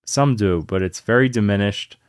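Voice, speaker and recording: Casual podcast co-host, man from Virginia, low voice, dry close-mic, rambling storyteller. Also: moderate pace, clean tone, no room sound. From Virginia, USA. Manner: rambling storyteller with fillers and restarts. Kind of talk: casual conversation.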